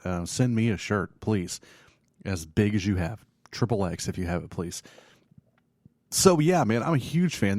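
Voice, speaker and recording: A man's voice: on the low side, darkish tone, dry recording, studio quality. A man hosting a casual metal review show, talking in a loose, rambling, jokey way with lots of fillers. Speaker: podcast host reviewing metal bands.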